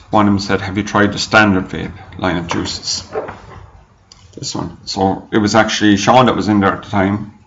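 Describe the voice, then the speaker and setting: A man with a fairly low voice talks through a product review in a loose, rambling way, often stopping to correct himself. The sound is dull and lo-fi, with the echo of a bare room around him. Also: a bit bright. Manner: chatty, rambling, self-correcting. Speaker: e-juice reviewer.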